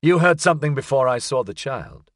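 A man's voice: medium pitch, expressive, a little fast, dry recording, studio quality, lightly acted. A male narrator voicing a tense, wary woman agent in an audiobook, speaking urgently and demandingly.

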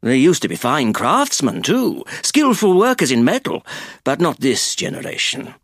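A man playing a drunk sea captain, sneering and contemptuous, wildly swooping pitch, dry close sound, audiobook. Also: wildly swooping pitch, moderate pace, a bit bright, no echo, full character voice. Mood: scornful. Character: drunk bitter older male ship captain.

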